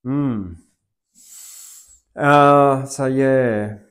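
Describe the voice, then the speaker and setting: A man's voice: mid-range voice, extremely slow, clear, resonant tone. Aussie guy hosting a poetry night, rambly and loose with lots of likes, reads rhyming poems with big rhythm. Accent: Australian. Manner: loose and rambling, with many fillers, swinging into loud rhythmic recitation. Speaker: poetry open mic host.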